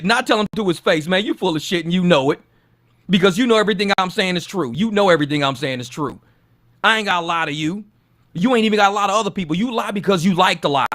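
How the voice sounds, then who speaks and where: A man's voice: lively intonation, fast talker, a bit bright. A man ranting angrily on a gig-work commentary channel, swearing constantly and mocking others in put-on voices. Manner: profane, heated, mocks others in squeaky voices.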